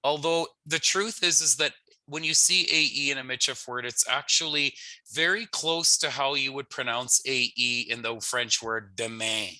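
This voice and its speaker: A man with a Canadian English accent teaching a pronunciation lesson in a relaxed, explanatory way, sometimes laughing at himself. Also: mid-range voice, normal speed, dry recording. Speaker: language teacher.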